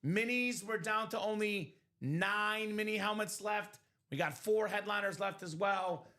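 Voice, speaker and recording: A man hosting a live sports memorabilia break stream, hyping items with energetic, joking sales patter in a streaming studio. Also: high voice, measured pace. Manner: energetic hype, jokey, fillers. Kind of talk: upbeat sales patter and banter.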